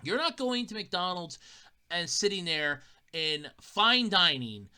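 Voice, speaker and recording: A woman hosting a podcast, talking casually with sarcastic, animated humor and frequent laughs. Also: fairly low pitch, slow, clean tone. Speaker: podcast host. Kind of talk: casual comedic podcast monologue.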